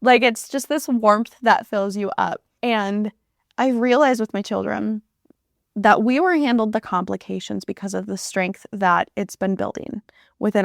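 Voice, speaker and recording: A woman's voice: medium pitch, gravelly, dry recording. Earnest woman with a dry close voice. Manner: earnest and heartfelt, with soft laughs. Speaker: podcast host. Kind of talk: reflective solo podcast.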